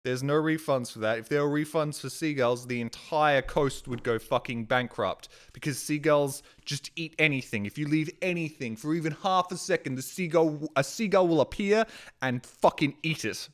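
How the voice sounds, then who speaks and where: Swearing man with a smooth voice. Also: fairly high pitch, normal speed. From Australia. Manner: rambling, swearing, frustrated. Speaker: streamer. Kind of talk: casual storytelling.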